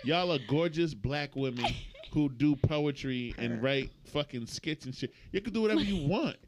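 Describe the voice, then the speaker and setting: Young guy cohost roasting his friend, pitch all over the place, noisy room. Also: animated, moderate pace. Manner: loud teasing banter, heavy swearing. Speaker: podcast co-host. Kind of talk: casual chat.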